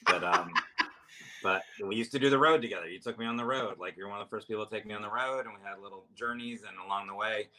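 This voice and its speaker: A man's voice: sits low, bright, forceful tone. A man, a comedian guest in a casual chat, talking in a rambling, self-deprecating way with lots of restarts. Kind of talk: casual chat over drinks.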